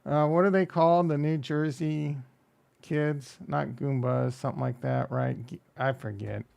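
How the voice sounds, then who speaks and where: A man's voice: on the high side, steady tone, unhurried, gravelly, a little mellow. A man hosting a casual crypto livestream, rambling and joking as he reacts to chat and runs through coin prices. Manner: rambling, jokey, self-deprecating, reads chat aloud.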